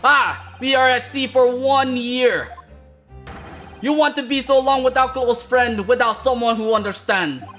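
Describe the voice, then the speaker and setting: A streamer voicing a blunt, indignant Russian woman who speaks broken English in a loud, emphatic way. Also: mid-range voice, unhurried, soft background music, pitched above the performer's own voice, close to an everyday voice.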